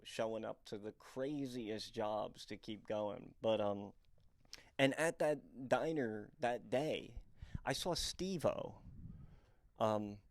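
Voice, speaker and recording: Man, young adult, from the northeastern US, comedian storyteller, rambling, self-deprecating, mid pitch, dry close sound. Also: darkish tone, no room sound. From Northeastern United States. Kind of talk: candid storytelling monologue.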